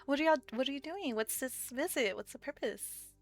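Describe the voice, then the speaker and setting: Lady putting on a giddy young sister voice, pitched up, rushing her words, tabletop game. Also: lively intonation, faint music behind. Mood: excited. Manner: gushing, rapid questions. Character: bubbly excitable young woman, little sister.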